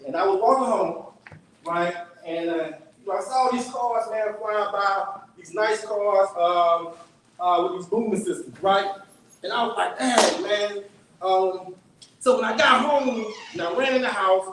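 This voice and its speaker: Man, high voice, preaching in an echoey church, heard from far off, conversational storytelling, faint hiss. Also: unhurried, a bit bright. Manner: conversational, asks the audience "right?" often. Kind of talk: sermon-style storytelling. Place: church sanctuary.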